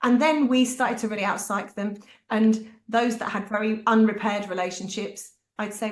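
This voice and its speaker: A middle-aged woman speaks in a medium pitch and tells family stories with animation, slipping into the voices of her children and herself. The sound is echoey, with the room ringing around her words. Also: moderate pace, few pauses. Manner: animated, acts out family dialogue. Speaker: parent speaking at a talk. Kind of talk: personal storytelling in a panel talk.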